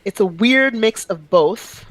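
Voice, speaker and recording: A woman from Quebec chatting on a podcast, telling animated stories with sudden high-pitched outbursts and swearing freely. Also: slow pace, no echo, poor audio. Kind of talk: casual chat.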